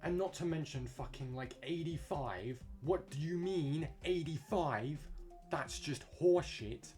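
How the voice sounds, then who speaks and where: Swearing, frustrated young gamer. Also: male voice, fairly high pitch, a little slow, a little mellow. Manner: frustrated, swearing rants to himself. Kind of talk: gameplay commentary. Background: music.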